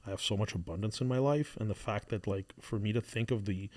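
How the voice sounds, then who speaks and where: A man in his thirties co-hosting a podcast, talking in a reflective, halting way with many restarts. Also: on the low side, a little mellow. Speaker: podcast co-host. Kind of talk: casual chat.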